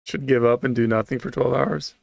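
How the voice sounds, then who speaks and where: A man's voice: mid-range voice, level tone, brisk, creaky, no room sound, clean studio sound. A man giving casual reaction commentary, blunt and sarcastic, swearing freely. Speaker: streamer reacting to videos.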